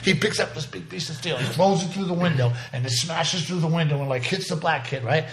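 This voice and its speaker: A man's voice: a little high, fairly quick. A man, speaking in a slightly raised register. He recounts a story in a casual interview, profane and rambling, often breaking off and restarting his sentences. The delivery is loose and conversational. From South Boston. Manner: profane, rambling, vivid retelling with many restarts. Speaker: interview guest.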